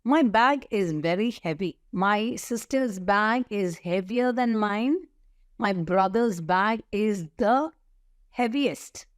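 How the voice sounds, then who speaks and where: A middle-aged woman teaching an English grammar lesson, slowly listing words and spelling out letters. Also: mid-range voice, dry recording, clean studio sound. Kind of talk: slow, deliberate grammar lesson.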